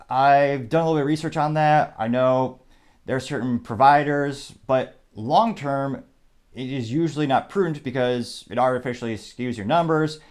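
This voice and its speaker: Male show host, mixed Midwest-Southern accent, measured explanatory political commentary, reads quotes aloud, mid-pitched voice. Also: a little mellow. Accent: mixed Midwest and Southern American. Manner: measured, explanatory, with frequent asides.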